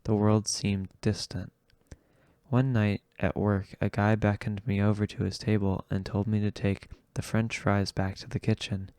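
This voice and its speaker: Low, even-voiced man reading an audiobook. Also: clean tone, no echo. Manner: slow, measured reading. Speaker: audiobook reader. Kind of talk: audiobook narration.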